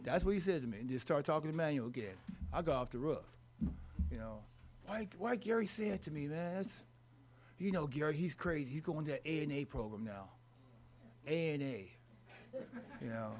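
A middle-aged man telling his own recovery story in a rambling, halting way with wry humor. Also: on the high side, animated, a little mellow, slight background noise. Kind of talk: personal recovery story told to an audience.

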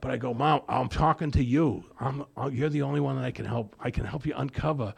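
Man, gravelly voice, mid-range pitch; shares his recovery story at a meeting, plays all the voices in it. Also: brisk. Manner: storytelling, acting out dialogue, self-deprecating humor. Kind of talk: personal testimony talk.

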